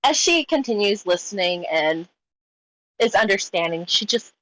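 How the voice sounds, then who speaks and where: A woman's voice: medium pitch, lively intonation, normal speed, fairly bright tone, no echo, low-quality recording. A woman playing a tabletop game, describing her character in a rambling way with many fillers. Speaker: player.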